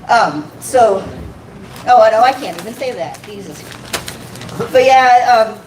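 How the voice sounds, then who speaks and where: Slow and animated, a woman with a rather high voice and darkish tone delivers a self-deprecating stand-up set full of swearing, laughing at her own lines. The comedy club audio is echoey, distant, and noisy.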